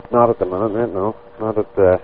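A man's voice: lowish voice, fairly even intonation, fast talker, slight background noise. A man, a pub general manager, politely and hesitantly turning down a caller over the phone. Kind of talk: phone call. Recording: lo-fi phone call audio.

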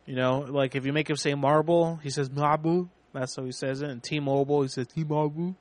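A man's voice: medium pitch, level tone, fast, no echo. A man hosting a casual talk show, rambling with many restarts and laughs. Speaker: podcast host. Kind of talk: casual radio chat.

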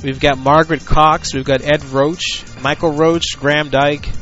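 A man's voice: on the high side, little pitch movement, a little slow, a bit bright, faint music behind. A man hosting a prank-call podcast who chats loosely and crudely, with plenty of fillers. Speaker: podcast host. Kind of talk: casual prank-call show banter. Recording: lo-fi podcast audio.

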